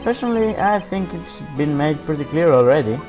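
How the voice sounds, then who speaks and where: A man's voice: fairly high pitch, lively intonation, fairly quick, close to an everyday voice. A man voicing a boisterous, smug older police chief from a game with a jovial, mocking manner. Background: background game music.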